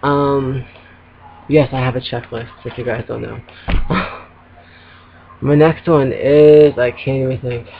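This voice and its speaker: A man's voice: medium pitch, fairly even intonation, slow, gravelly, long pauses, a little hiss or hum. A man venting casually to camera from home, rambling with lots of ums and little laughs. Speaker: vlogger. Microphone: laptop webcam. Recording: dull lo-fi webcam audio.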